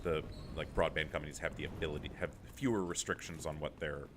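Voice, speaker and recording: A man's voice: rumbling low, steady tone, quick pace, background noise. A man co-hosting a game stream, reading out viewer comments and making dry, self-deprecating jokes. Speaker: guest co-host on a game stream. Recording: stream audio with game music behind.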